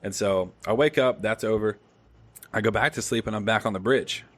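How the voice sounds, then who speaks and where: A man's voice: on the low side, moderate pace. A young adult man hosting a podcast, telling a story in casual chat with lots of swearing. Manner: animated storytelling, swears freely. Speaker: podcast host.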